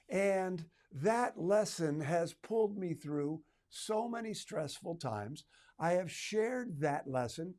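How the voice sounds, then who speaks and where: Man telling a story, slightly high. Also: darkish tone. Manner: conversational storytelling with asides and humor. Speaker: retail trainer. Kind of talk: personal story told to retailers.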